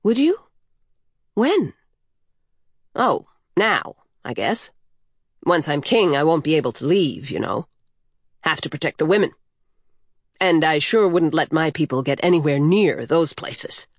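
A woman's voice: low voice, very animated, unhurried, pauses often, no echo, studio quality, heavily acted. A woman reading the part of a proud, cheerful young male horse who speaks easily and teases. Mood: easygoing. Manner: easygoing, teasing.

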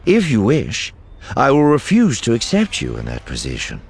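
A man voicing a calm, formal male alien naval officer in an audiobook, speaking in a measured, unhurried way. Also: mid-range voice, vocal fry, slightly rough, exaggerated voice. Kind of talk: audiobook character voice.

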